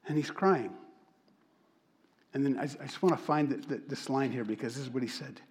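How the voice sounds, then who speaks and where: A middle-aged man preaching, telling a personal story with lively energy and acting out the voices of people he met. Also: mid-range voice, brisk. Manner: animated storyteller, acts out quoted voices. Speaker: pastor. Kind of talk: sermon storytelling.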